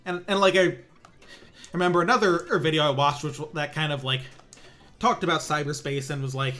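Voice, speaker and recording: A man's voice: on the high side, fairly quick, pushed and bright. A young man streaming a pinball game, chatting casually in a rambling way with many restarts and sarcastic asides. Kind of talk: casual stream commentary while playing.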